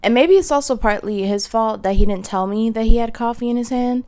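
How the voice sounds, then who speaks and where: A woman's voice: a little high, brisk, darkish tone. A young woman hosting a casual solo podcast, telling stories in a chatty way full of fillers. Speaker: podcast host. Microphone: podcast microphone.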